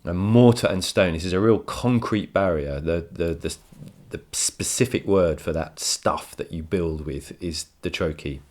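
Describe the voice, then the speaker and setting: A man's voice: low voice, a little slow, few pauses, a little mellow. A male teacher giving a recorded poetry lesson from home, enthusiastic and explanatory, often repeating words as he thinks.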